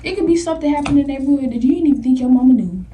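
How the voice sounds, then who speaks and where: High-voiced young woman telling a story. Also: racing. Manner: animated, slangy, laughing storyteller. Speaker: vlogger. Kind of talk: storytime vlog. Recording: somewhat distant mic with faint noise.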